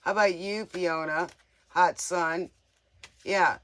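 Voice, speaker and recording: A man's voice: high-pitched, fairly even intonation, slow, bright, forceful tone. A man giving a casual live tarot reading in a playful, joking way, often giggling. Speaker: tarot reader.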